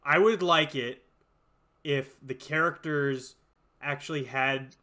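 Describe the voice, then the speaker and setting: Bright, ranting young podcast host. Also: male voice, on the high side, slow. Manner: animated, ranting, laughs often. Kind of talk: casual chat.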